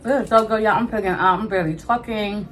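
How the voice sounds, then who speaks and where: A woman co-hosting an eating show, supportive and affirming and chiming in with quick asides. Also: mid-range voice. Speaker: co-host. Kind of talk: casual chat while eating. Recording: faint background noise.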